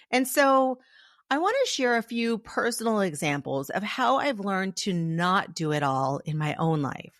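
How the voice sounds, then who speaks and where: A woman hosting her own podcast, talking straight to the listener and calling them "love", with animated storytelling. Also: medium pitch, moderate pace, no echo, clean studio sound. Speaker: podcast host. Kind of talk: solo podcast monologue.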